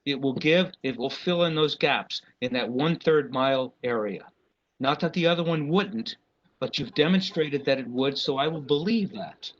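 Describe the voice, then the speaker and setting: A man's voice: mid-range voice, moderate pace. A man speaking as an RF engineer at a public meeting, impassioned and apologetic, stopping and restarting often. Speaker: RF engineer consultant. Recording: dull lo-fi meeting recording.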